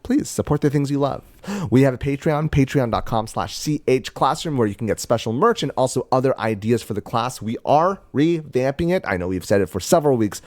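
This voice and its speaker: A man's voice: medium pitch, a little mellow, no room sound, clean studio sound. Joking male podcast co-host. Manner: joking, playful. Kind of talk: casual podcast chat.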